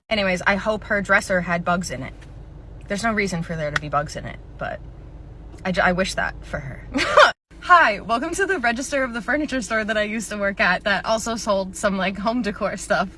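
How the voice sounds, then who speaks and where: A young adult woman telling animated comedic stories from a past retail job, often laughing and swearing. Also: medium pitch, fairly quick, a little hiss or hum. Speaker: comedy creator. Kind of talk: storytime comedy vlog.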